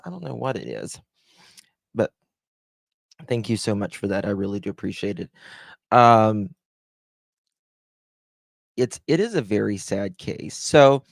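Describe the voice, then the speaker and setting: Male stream host, relaxed chat style, affectionate with his viewers, lowish voice, dead dry sound in a room at home. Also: a little slow, creaky, long pauses, dry recording. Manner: greets viewers by name with pet names. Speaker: true crime live-stream host. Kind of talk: casual live-stream chat. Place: room at home with blinds closed.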